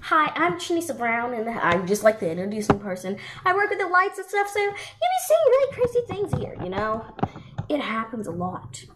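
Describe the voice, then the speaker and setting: Woman doing a rambly bubbly doll girl, repeats stuff, kinda high, super swoopy. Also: very animated, fairly quick. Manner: rambling, giggly, repeats herself. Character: chatty bubbly female teen doll who works the lights. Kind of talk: doll play acting. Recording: loud background noise.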